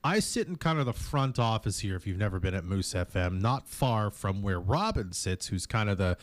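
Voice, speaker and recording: A man hosting a morning radio show, telling stories in a casual, animated way and slipping into put-on voices. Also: fairly low pitch, normal speed, no echo. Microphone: studio microphone.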